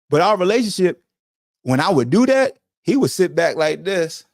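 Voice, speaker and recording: A middle-aged man tells stories on his podcast in a loud, profane, emphatic way. His voice sits a little high for a man and swings widely up and down as he gets worked up. The sound is close and dry, with no room echo. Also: moderate pace. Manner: animated, profane, emphatic storytelling. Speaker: podcast host, former football player. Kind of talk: casual monologue to a co-host.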